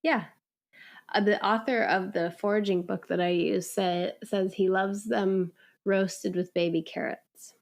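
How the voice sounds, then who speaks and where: A woman in her thirties co-hosting a podcast, upbeat and quick to laugh as she chats. Her voice often drops into a gravelly vocal fry. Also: medium pitch, steady tone. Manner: upbeat, giggly. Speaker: podcast co-host. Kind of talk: casual chat.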